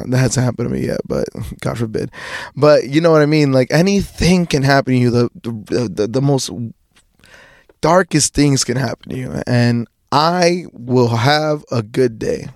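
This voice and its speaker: At a moderate pace and medium pitch, a young man runs a podcast, musing in a loose, personal way with frequent restarts and casual profanity. The sound is clean studio audio without echo.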